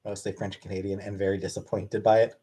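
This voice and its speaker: A man's voice: fairly low pitch, flat delivery, quick pace, dark tone, slightly rough. A man casually answering questions from his live-stream chat in a blunt, offhand way.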